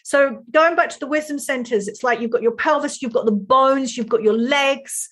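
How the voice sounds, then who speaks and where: A woman's voice: high voice, normal speed, a bit bright. A middle-aged woman coach talking bluntly and animatedly in a casual interview, swearing freely. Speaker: life and sex coach.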